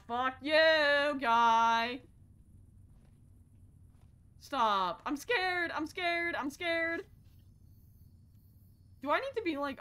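High, bright-voiced woman streamer, jumpy and profane. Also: smooth. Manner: jumpy and profane, swings from muttering to shouting. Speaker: streamer playing horror games. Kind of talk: live-stream gameplay commentary.

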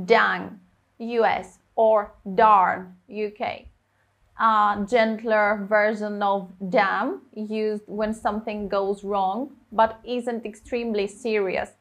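A woman teaching English vocabulary, explaining words clearly and reading example sentences with stressed key words. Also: a little high, steady tone, takes it slowly. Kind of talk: slow, clear vocabulary lesson.

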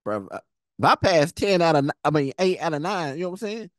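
A man's voice: on the high side, big pitch swings, fast, dry recording, studio quality. A man giving casual, slangy commentary while reacting to a movie, laughing often.

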